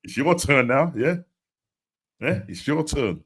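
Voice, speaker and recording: A man's voice: medium pitch, very animated, takes it slowly, a bit bright, slightly rough. A man hosting a casual football podcast live stream, upbeat and chatty, repeating phrases and often laughing. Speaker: podcast host.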